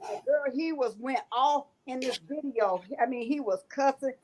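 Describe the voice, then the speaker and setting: A high-voiced woman talks in a casual chat. She tells the story with animated repetitions and a lot of emphasis. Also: moderate pace, a little hiss or hum, poor audio. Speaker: host.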